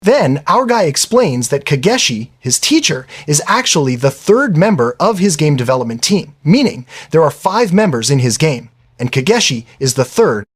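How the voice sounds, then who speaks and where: A man narrates an anime episode recap in a casual, chatty way, with a fairly high, husky voice that swings up and down a lot. He keeps dropping in little asides as he tells it. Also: very animated, moderate pace. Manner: chatty, exclaims "man" and "I mean".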